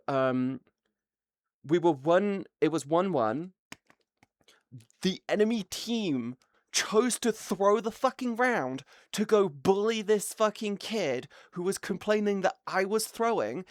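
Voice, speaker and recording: A woman streaming live, telling a gaming story in a casual, excitable way, swearing often and laughing between words. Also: medium pitch, dry recording, studio quality. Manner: excitable, swears a lot, laughs mid-sentence.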